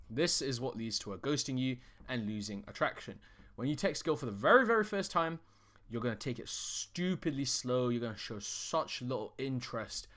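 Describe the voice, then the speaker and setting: A man's voice: medium pitch, fairly bright tone. Blunt, swearing man giving advice. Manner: blunt, swears often, frequent restarts. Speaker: dating coach. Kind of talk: casual direct-to-camera advice.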